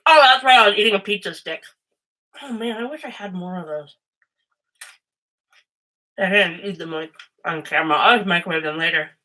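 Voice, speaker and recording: A woman's voice: fairly low pitch, normal speed, pauses often, bright, forceful tone, rough recording. A woman hosting a casual livestream and reading tarot, rambling and chatty and swearing freely. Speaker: host and tarot reader.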